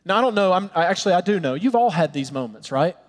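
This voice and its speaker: Casting: male pastor, sermon delivery, fairly high voice, earnest and pleading, long hall reverb. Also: animated, quick pace. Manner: earnest, pleading, drops to soft tender tones.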